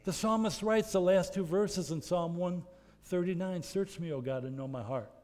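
A man preaching a sermon as pastor, earnest, moving between loud emphasis and soft, intimate passages. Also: sits high, moderate pace. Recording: long reverb of a large hall.

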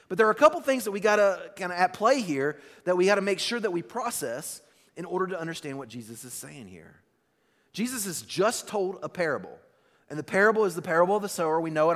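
A man delivers a sermon in a relaxed, chatty manner, repeating words as he gathers his thoughts. His voice sits a little high for a man. The sound carries a long reverb from the church hall. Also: fast talker. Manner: casual, conversational preaching with restarts and "like". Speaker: pastor.

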